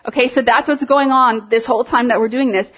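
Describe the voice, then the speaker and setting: A high-voiced woman leads worship and tells her congregation a story in a sermon-style testimony. She talks in a lively, animated way and laughs often, and her voice climbs higher as she is moved. The recording is dull and lo-fi. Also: a little fast. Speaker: worship leader.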